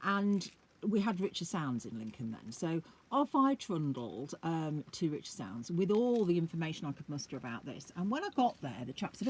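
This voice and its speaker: A woman rambling chattily to camera, with a husky voice and frequent fillers. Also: deep voice, very animated, moderate pace, a little mellow. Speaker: vlogger and collector. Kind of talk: casual chat.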